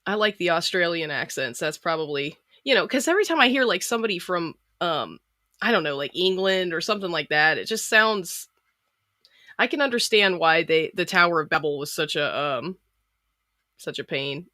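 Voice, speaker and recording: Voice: mid-range voice, expressive, normal speed, sharp tone, no room sound, clean studio sound. A podcast guest from Florida with a slight Southern drawl, chatting in an easygoing, hedging way. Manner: easygoing and unsure, hedges a lot. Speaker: guest, video maker. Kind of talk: casual conversation.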